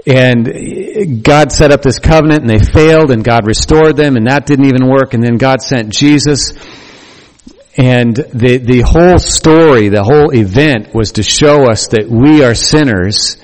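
A male pastor giving a conversational, animated sermon in a church, with frequent restarts. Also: mid-range voice, measured pace. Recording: long reverb of a church hall.

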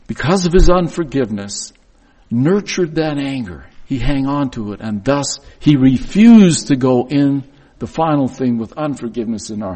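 A man's voice: mid-range voice, a little mellow, slightly rough, poor audio. A man preaching a reflective, confessional sermon, reading scripture and acting out the voices in it.

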